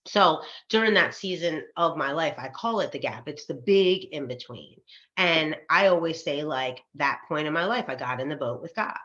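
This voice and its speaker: A woman co-hosting a podcast and telling a personal faith story in a casual, animated way, acting out the voices she quotes and laughing often. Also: deep voice, moderate pace. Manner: faith-centered, frequent fillers like um and like. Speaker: podcast co-host. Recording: slightly dull, lo-fi podcast recording.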